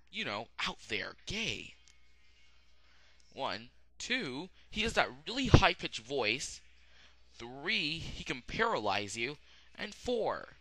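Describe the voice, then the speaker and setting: A young man giving a rambling, casual spoken anime review, full of fillers and sudden excited outbursts. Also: mid-range voice. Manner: rambling, many "um"s, bursts of loud excitement.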